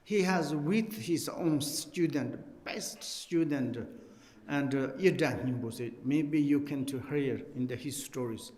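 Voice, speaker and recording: A man, a Buddhist teacher, explaining a text and telling a story in halting, non-native English with many restarts, joking with his listeners. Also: a little high, darkish tone, reverberant, big-room sound. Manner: jokes and laughs with listeners.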